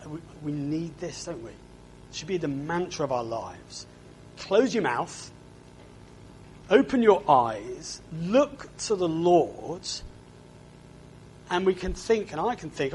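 A man's voice: fairly high pitch, very animated, takes it slowly, slight background noise. A man preaching a sermon, often asking his listeners to agree and repeating his words.

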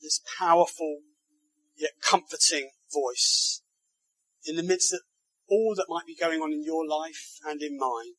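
High, bright-voiced man preaching a sermon. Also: fairly even intonation, measured pace, breathy edge, no echo, rough recording. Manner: rhetorical tag questions to the congregation; emphatic, building phrases.

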